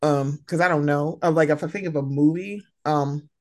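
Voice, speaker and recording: A woman from West Philadelphia hosting a podcast, chatting casually, frank and swearing freely, jumping high in pitch when she quotes herself. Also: normal speed. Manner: animated, swoops high when quoting herself. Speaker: podcast host. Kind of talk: casual chat.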